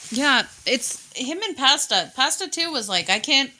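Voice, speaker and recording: A woman co-hosting a podcast, chatting in an animated, exasperated way. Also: high voice, measured pace. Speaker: podcast co-host. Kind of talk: casual chat.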